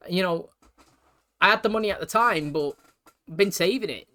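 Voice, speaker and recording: A man's voice: high-pitched, moderate pace, sharp tone. A man giving casual reaction commentary, chatty and rambling, often asking if you know what he means. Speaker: reaction video host.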